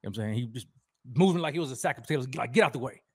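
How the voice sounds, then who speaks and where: A man co-hosting a casual sports podcast, emphatic and quick to get heated. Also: mid-range voice, expressive, a little mellow, slightly rough, no echo, studio quality.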